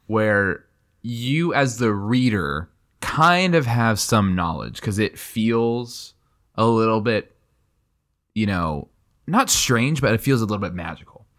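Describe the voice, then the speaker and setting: A man's voice: fairly low pitch, very animated, takes it slowly, a bit bright. A young man co-hosting a casual book podcast, talking enthusiastically and rambling with many fillers. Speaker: podcast co-host.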